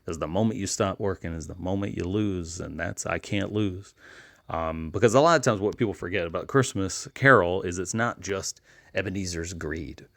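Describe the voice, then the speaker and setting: A man hosting a casual solo recommendation segment, talking in a relaxed way with frequent ums and restarts. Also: sits low, normal speed, vocal fry, dry recording, clean studio sound. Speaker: host, comic book retailer.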